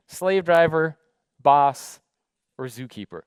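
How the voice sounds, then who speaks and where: A man speaks on stage in an animated storytelling style, his pitch swinging widely. His voice is dry and close, with no room echo at all. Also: moderate pace. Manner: animated, dramatic storyteller who acts out dialogue. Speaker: keynote speaker. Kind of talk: storytelling keynote talk.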